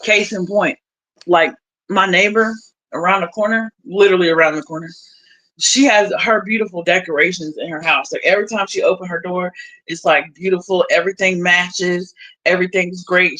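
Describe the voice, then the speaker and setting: Young woman livestreamer, blunt and profane, laughs a lot, bright and sharp-toned voice. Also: lowish voice, steady tone, normal speed, poor audio. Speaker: livestream host. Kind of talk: casual livestream chat.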